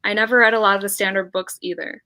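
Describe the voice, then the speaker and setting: A young woman hosting a casual livestream, chatting and giggling between books. Her voice sounds bright and forward. She swears freely and keeps the talk loose. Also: mid-range voice, fairly even intonation, quick pace. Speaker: livestream host.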